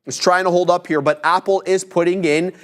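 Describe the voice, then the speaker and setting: A man's voice: sits high, fairly even intonation, brisk, a bit bright. A man hosting a live trading stream, walking viewers through his chart levels in a patient, explanatory way. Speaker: day trader host.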